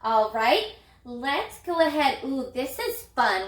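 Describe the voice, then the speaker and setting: A woman teaching an elementary phonics lesson, sounding out letters in a slow, encouraging, sing-song way. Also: high voice, big pitch swings, echoey room. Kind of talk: recorded phonics lesson for young children.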